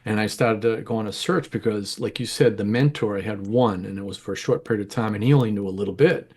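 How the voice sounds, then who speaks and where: Man, middle-aged, low-pitched, rambling candid storyteller, interview guest. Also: fast, a little mellow, husky. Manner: rambling, candid, self-correcting. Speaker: interview guest, home grower.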